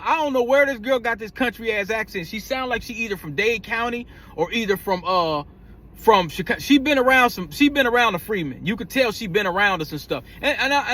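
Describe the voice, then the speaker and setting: Man, high voice, casual vlog talk, rambling, slangy, trips over his words. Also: sharp tone. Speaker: vlogger.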